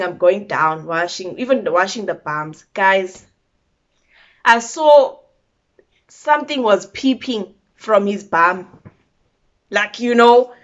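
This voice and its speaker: A young woman with a South African accent, telling a story to her viewers in a blunt, animated storytime style. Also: medium pitch, lo-fi sound. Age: young adult. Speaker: vlogger. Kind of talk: casual storytime.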